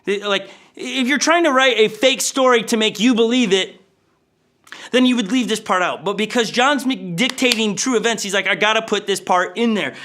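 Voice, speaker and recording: A male pastor preaching a sermon in an animated storytelling manner. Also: high-pitched, moderate pace. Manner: animated, storytelling with acted voices.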